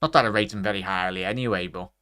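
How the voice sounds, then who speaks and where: Excitable man streaming football. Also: deep voice, fast, clean tone, no echo, studio quality. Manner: chatty, bursts into excited shouts at chances; talks straight to his chat. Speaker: watchalong streamer. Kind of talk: live football watchalong commentary.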